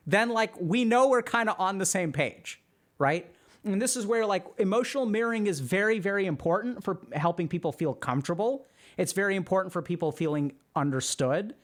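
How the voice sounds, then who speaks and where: A man explaining ideas on a livestream in a casual, conversational way, with many fillers. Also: high-pitched. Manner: animated, conversational, frequent fillers. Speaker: streamer and psychiatry educator.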